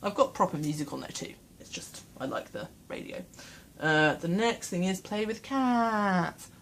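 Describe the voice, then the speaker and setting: A woman's voice: lowish voice, animated, measured pace, a little hiss or hum. A woman in a casual home vlog, chatting in a rambling, self-deprecating way from a small room, speaking into her camera mic. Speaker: vlogger.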